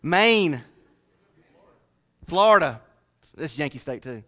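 Bright-voiced Southern pastor preaching. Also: male voice, a little high, lively intonation, takes it slowly. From North Carolina. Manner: folksy, joking with the congregation. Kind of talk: sermon. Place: church.

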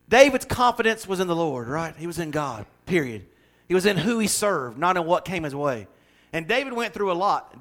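A middle-aged man preaching a folksy, joking sermon that swells into fervent, loud passages. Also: high voice. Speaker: pastor.

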